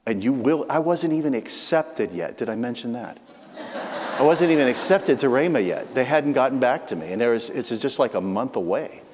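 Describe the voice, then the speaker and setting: A man's voice: medium pitch, normal speed, noisy background. Guy preaching a story-style testimony, lots of restarts, big reverb hall. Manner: storytelling with restarts, animated emphasis. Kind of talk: testimony sermon.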